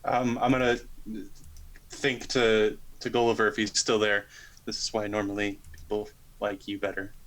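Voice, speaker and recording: A man's voice: fairly low pitch, monotone, normal speed, fairly bright tone, rough recording. Hesitant male tabletop player. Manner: hesitant, in-character decisions. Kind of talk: playing a tabletop game.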